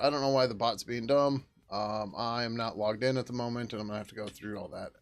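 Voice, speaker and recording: A man's voice: medium pitch, fairly even intonation, quick pace, few pauses. Rambling middle-aged man coding on stream. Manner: rambling, casual, swears, hums to himself while working. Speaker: livestream host and software developer. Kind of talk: casual coding livestream chat.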